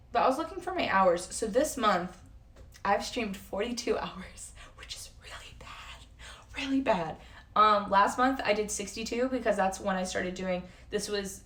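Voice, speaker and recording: A woman in her twenties, her voice mid-range and a bit bright, chats casually on a live stream, answering chat and swearing now and then. She sounds somewhat distant from the mic.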